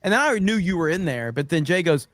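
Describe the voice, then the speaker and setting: A man's voice: on the high side, big pitch swings, racing, a bit bright, dry recording, clean studio sound. A man from Florida co-hosting a casual stream, telling a story in a rambling, profane way with plenty of fillers. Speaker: stream co-host.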